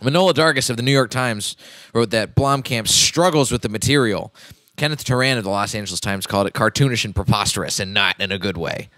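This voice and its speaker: A man's voice: mid-range voice, quick pace, pushed and bright, no room sound. A man hosting a film podcast, chatting casually with dry jokes. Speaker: podcast host.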